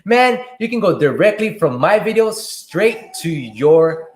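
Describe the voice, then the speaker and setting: A man hosting a casual livestream Q&A, reading viewer questions aloud and answering them in a relaxed way from a room at home. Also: high voice, measured pace, slight background noise. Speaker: livestream host and delivery driver. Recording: echoey room.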